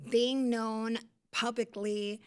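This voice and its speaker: A woman's voice: fairly high pitch, very slow, clear, resonant tone. A woman hosting a casual studio chat, telling a story and acting out what everyone said. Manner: animated storytelling, acts out quotes. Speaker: host. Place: recording studio.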